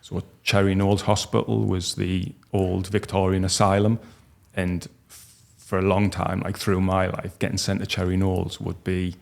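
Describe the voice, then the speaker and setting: A man, telling a personal story as a podcast guest in a halting, heartfelt way with many restarts. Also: low-pitched, monotone, vocal fry. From North East England. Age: 40s.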